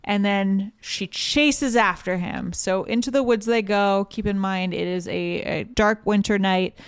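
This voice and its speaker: A woman chatting on a podcast, recounting a story loosely with many "uh"s and "like"s. Her voice is smooth and clear, set in the middle of the range, and recorded close and dry. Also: medium pitch, no echo. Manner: retells the plot with many fillers. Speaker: podcast co-host. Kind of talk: casual book-club chat.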